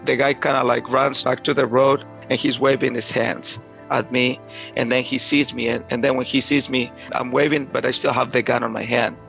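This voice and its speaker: A man telling a personal story aloud in a halting way, often repeating words and restarting. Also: mid-range voice, little pitch movement, creaky, fairly bright tone, soft background music, rough recording.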